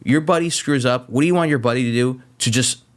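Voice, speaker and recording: A man's voice: medium pitch, fast. A man being interviewed on a podcast, telling stories animatedly and often restarting his sentences. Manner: animated storyteller, repeats words when starting sentences. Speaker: podcast guest, medtech sales advisor. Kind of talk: casual chat.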